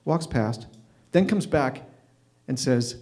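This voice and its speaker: A man in his fifties with a mellow, mid-pitched voice tells a story on stage at an open mic. He is wry and deadpan, and he keeps tripping over his own restarts. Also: takes it slowly.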